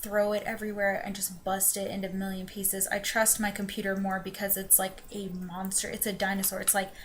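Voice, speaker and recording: A woman's voice: mid-range voice, flat delivery, brisk. A young woman with an accent that drifts between New York and the American South, chatting casually through a journal vlog with lots of fillers and restarts. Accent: mixed New York and Southern US. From the Carolinas. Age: young adult. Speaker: vlogger. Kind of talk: casual chat. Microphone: webcam. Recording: webcam with faint background noise.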